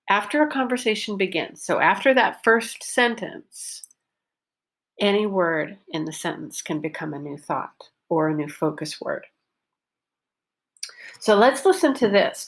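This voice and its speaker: Slow, deliberate woman teaching pronunciation. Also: lowish voice. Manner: slow, deliberate, exaggerated stress on model sentences. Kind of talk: recorded language lesson.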